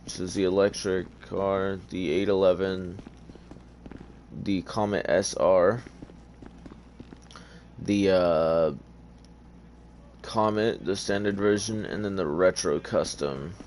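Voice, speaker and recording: A gaming YouTuber offers laid-back, rambling commentary over a car game, sounding sleepy and freshly awake and using plenty of fillers. His voice is deep and steady with a darkish tone, and he speaks slowly with frequent pauses. Slight background noise is audible.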